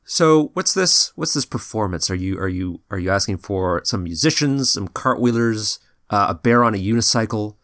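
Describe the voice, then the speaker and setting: A man's voice: lowish voice, expressive, moderate pace, few pauses, fairly bright tone, no room sound, studio quality. A man voicing a breezy, jokey male showman who runs a cluttered performers' tent in a tabletop game. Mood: chummy. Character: chatty male showman hoarding stuff in a tent.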